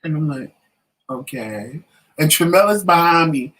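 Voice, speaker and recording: A man co-hosting a relaxed talk show tells a story at normal speed in a fairly high voice, captured in a low-quality recording. Animated throughout, he imitates the voices of the story's characters.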